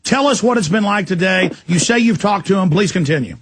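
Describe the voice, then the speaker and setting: Husky, high-pitched radio host. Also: male voice, expressive, fairly quick, dry recording. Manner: forceful, emphatic, interrupting. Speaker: radio talk show host. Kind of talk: talk radio interview.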